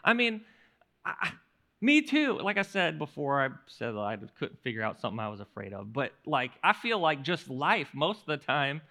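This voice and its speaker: A male pastor preaching a sermon in an animated storytelling manner, often restarting his words. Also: on the high side, normal speed, vocal fry.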